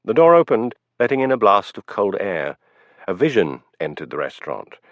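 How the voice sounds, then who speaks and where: A man narrating an audiobook in a measured storytelling manner, in a dull, dry recording. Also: on the low side, sing-song, no room sound. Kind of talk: scripted narration.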